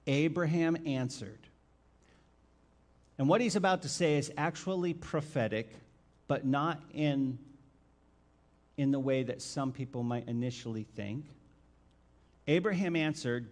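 A male pastor preaching a sermon and reading scripture, asking his listeners direct questions and stressing key words by swinging his loudness. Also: medium pitch, measured pace. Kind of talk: expository sermon with Bible reading.

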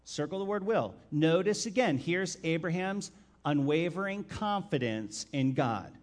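Slow, deliberate male preacher. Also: a little high, lively intonation. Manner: deliberate, questioning the listeners directly; stresses key words with swings in loudness. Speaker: pastor. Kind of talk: expository sermon with Bible reading.

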